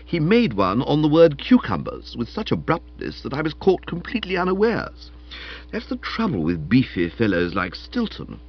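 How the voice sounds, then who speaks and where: A man reading a comic novel aloud as a wry, animated storyteller, in a dull lo-fi recording. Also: mid-range voice, moderate pace, gravelly, slightly rough. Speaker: audiobook reader. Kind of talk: scripted comic novel narration.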